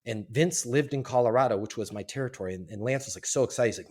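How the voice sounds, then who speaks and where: Animated storytelling man, mid pitch. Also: fast, hardly any pauses. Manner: animated, lively storyteller who acts out quotes. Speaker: podcast guest, entrepreneur. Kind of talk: storytelling in a casual interview.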